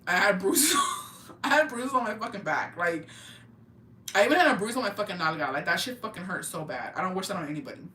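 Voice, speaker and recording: A young adult tells animated stories in casual podcast chat, swearing freely and mixing in slang and Spanish words. The voice is bright and sharp. It sounds roomy and set back from the mic, with faint ambience behind. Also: mid-range voice, fast, distant mic, slight background noise. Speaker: podcast co-host.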